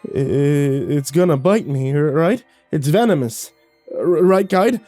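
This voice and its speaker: A man's voice: slow, mellow, no room sound, faint music behind. A man doing a shrieking panicked stranger. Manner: shaky, stammering, shrieking high. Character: panicking grown man bitten by a chameleon.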